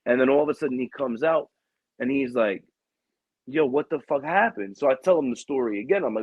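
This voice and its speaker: Podcast host, young man, husky, animated, profane storyteller, dry dull audio. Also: fairly quick, no room sound. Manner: animated, profane, acts out quotes with raised pitch. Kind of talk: casual storytelling chat.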